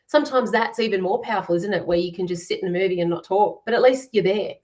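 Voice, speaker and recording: A woman's voice: mid-range voice, quick pace, a little mellow, recorded from a distance. A woman hosting a livestream conversation, encouraging and reflective, with many fillers. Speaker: host.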